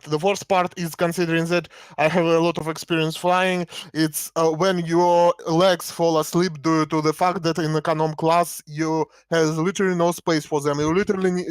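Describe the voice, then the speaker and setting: A man chatting casually on a comedy stream, halting with many fillers and telling deadpan jokes. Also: a little high, no echo. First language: Russian. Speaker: co-host. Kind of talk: casual chat.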